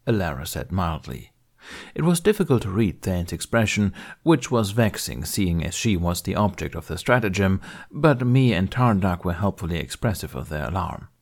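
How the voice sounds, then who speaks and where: A man narrating a fan fiction audiobook in a steady, even way. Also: deep voice, normal speed. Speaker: audiobook reader.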